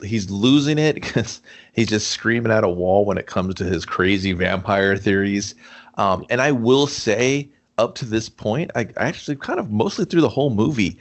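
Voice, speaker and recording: A man co-hosting a casual movie review podcast, swearing and animatedly retelling scenes. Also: lowish voice. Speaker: podcast co-host.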